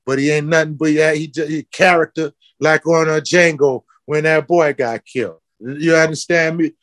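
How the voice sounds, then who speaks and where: A man's voice: a little high, fairly even intonation, normal speed, fairly bright tone, no echo. A man, a footwear company founder talking with passion in an interview, calling people out with repeated questions. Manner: fiery, preaching, calls people out with repeated questions.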